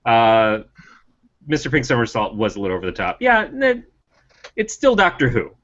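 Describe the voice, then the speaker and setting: A male podcast co-host chats casually about TV, pushing firm opinions in a sing-song voice at a moderate pace with a fairly bright tone. He rants emphatically, his pitch rising as he presses each point. The recording is slightly muffled, with a dull lo-fi sound.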